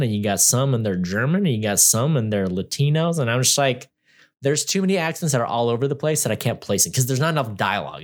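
A man co-hosting a podcast, reviewing a movie in casual chat with a sarcastic, rambling manner. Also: mid-range voice.

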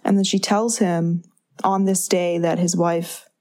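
Unhurried young woman retelling a plot. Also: lowish voice, flat delivery, darkish tone. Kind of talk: casual chat recapping a movie.

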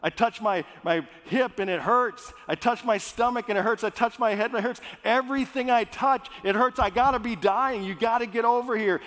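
A man voicing a panicked Scandinavian man in a told joke, frantic and pleading, with his voice pushed higher. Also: moderate pace, few pauses, a bit bright. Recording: echoey hall.

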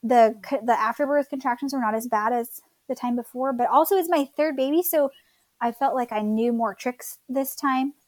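A woman's voice: high voice, normal speed, no room sound. A woman in her thirties from Florida casually telling her birth story as a guest, chatty with many fillers.

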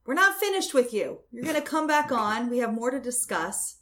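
Gushing, excitable woman host. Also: fairly high pitch, moderate pace. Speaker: podcast host. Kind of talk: casual chat.

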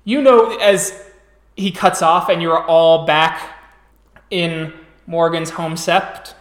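A man narrating a tabletop game as storyteller, describing scenes slowly and restarting phrases as he goes. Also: on the high side, fairly even intonation, fairly bright tone, reverberant.

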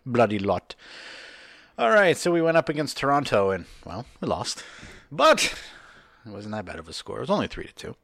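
A man's voice: mid-range voice, huge pitch swings, a little fast, creaky, a bit bright, no echo, studio quality. An American man co-hosting a podcast, chatting casually and joking with his co-host. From United States. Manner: jokey, chuckling banter. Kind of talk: casual chat.

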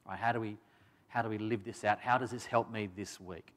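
A man's voice: on the low side, fast talker, a bit bright. Conversational male preacher. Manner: conversational, emphatic, with frequent restarts and asides. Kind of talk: sermon.

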